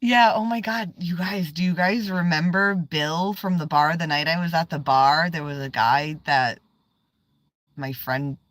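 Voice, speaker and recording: Unhurried, swearing woman livestreamer. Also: low-pitched, steady tone, a bit bright, no room sound. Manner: swears freely, trails off, drops to whispers. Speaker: tarot livestreamer. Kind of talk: casual live-stream chat.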